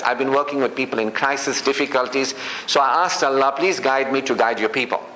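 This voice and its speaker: A middle-aged man from South Africa addresses a live audience in a relaxed, conversational way. He keeps checking that listeners follow him. The recording has a roomy hall echo and faint background noise. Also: medium pitch. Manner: conversational, often asks "you know what I mean?". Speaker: speaker at a public event. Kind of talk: public talk to an audience. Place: event hall.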